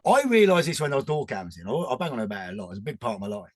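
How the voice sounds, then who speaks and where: A man in his forties, a guest chatting casually, rambling and animated with frequent restarts. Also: mid-range voice, rapid-fire, dry recording. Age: 40s. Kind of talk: casual chat.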